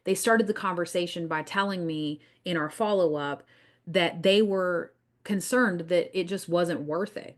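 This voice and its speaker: Confident Southern woman coaching on marketing. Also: deep voice. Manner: confident, emphatic, acts out clients in quoted voices. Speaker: podcast host, business coach. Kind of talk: marketing podcast talk.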